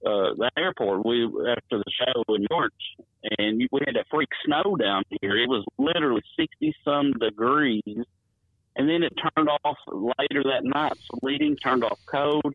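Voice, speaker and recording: A wrestling promoter, telling stories in a rambling, chuckling way while calling in to an interview. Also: male voice, mid-range voice, animated, moderate pace, no room sound. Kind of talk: phone-in interview storytelling. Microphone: phone. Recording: tinny dry phone line.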